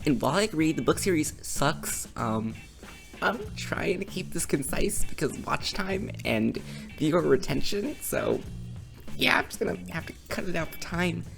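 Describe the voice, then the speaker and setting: A man's voice: fairly high pitch, sing-song, moderate pace, vocal fry, over music. A teenage boy rambling through a live gameplay commentary from his desk, giggling and tagging "right?" onto his sentences. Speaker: gaming channel host.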